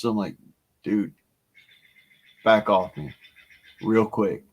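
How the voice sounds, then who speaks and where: A man telling a profane, animated bar story on his stream. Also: on the low side, slow, pauses often. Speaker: stream host. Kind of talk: casual storytelling.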